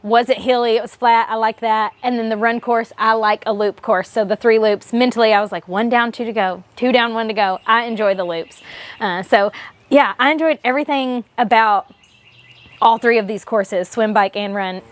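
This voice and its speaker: A woman's voice: fairly high pitch, fairly even intonation, moderate pace. A young woman vlogger recounting her race day in a chatty, enthusiastic way that turns emotional. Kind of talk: casual race recap.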